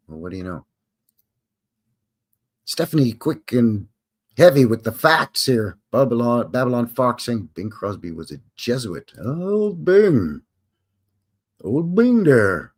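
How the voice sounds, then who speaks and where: A man hosting a casual live stream, chatting, reading aloud and adding asides. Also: mid-range voice.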